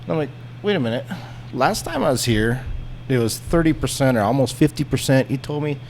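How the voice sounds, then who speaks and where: A man telling a story in a casual podcast chat, animated and profane, acting out the people in it. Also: mid-range voice, fairly quick, a little hiss or hum. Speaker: podcast guest.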